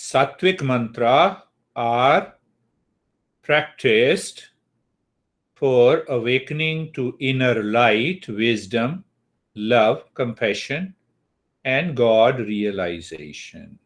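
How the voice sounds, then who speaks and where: A man teaching an online class on mantras, speaking deliberately and checking in with his students. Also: mid-range voice, lively intonation. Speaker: spiritual teacher.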